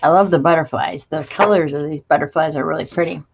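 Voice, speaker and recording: A woman's voice: low voice, steady tone, quick pace, creaky, dull audio, noisy background. A woman hosting a crafting livestream, chatting casually and gushing as she greets viewers by name and shows craft supplies. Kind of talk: casual live chat while showing craft supplies.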